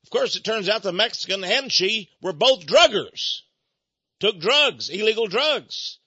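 High husky-voiced ranting male radio host. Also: lively intonation, unhurried, dry recording, dull audio. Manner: indignant ranting, swinging between hushed asides and loud outbursts. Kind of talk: opinionated radio commentary.

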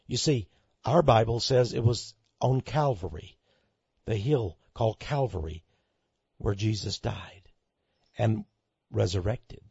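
A man preaching a sermon to listeners he calls friends, swinging between loud outbursts and hushed asides. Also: medium pitch, vocal fry, husky, no room sound. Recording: dull lo-fi recording.

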